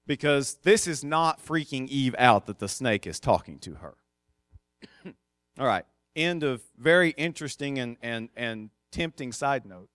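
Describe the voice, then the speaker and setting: A man's voice: mid-range voice, animated, a little slow, a bit bright, smooth, no room sound, studio quality. A male pastor preaching a sermon in a conversational, emphatic way, with casual asides.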